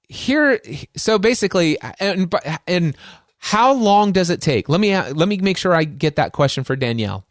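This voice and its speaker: A middle-aged man from Northern Kentucky hosting his podcast, telling a story with animated emphasis and piling up repeated words. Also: high voice, dry recording, studio quality. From Northern Kentucky, USA. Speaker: podcast host and coach. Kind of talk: storytelling monologue.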